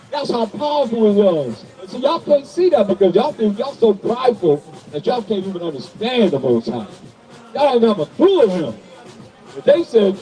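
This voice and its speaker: A man's voice: high voice, lively intonation, moderate pace, warm tone, recorded from a distance, soft background music, poor audio. A man preaching a sermon and calling out to people around him, reading scripture and challenging listeners. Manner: preaching to passersby, calling out to the crowd. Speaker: street preacher.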